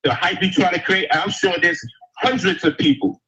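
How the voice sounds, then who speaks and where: A man with a fairly high voice answers accusations on a call-in show. He is defensive and blunt, waving off claims and insisting on his turn to speak. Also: normal speed, fairly bright tone, dull audio. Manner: defensive, calls others brother, dismissive. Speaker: business owner answering callers. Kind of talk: heated call-in argument.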